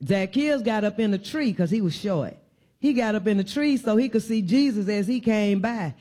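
A woman with a mid-range, dark-toned voice gives an informal sermon in a church. She preaches conversationally, hammering her points home with repeated emphatic phrases.

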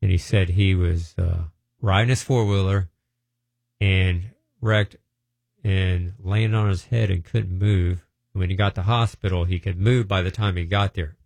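Man, middle-aged, deep gravelly voice, rambling testimony style. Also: fairly even intonation, a little slow, darkish tone, no room sound. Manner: rambling storytelling with restarts. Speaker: preacher sharing healing testimonies. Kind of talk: informal testimony talk.

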